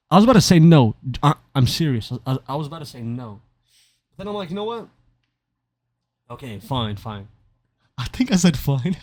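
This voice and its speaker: A man's voice: on the high side, a little mellow, dry recording. A young man casually telling a rambling, self-mocking story over gameplay, often stumbling and repeating his words. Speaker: gaming commentator.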